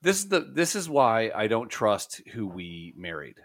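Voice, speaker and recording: Low-voiced man joking on a podcast. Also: sing-song, a little slow. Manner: crude, joking, rambling. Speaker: podcast co-host. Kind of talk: casual chat.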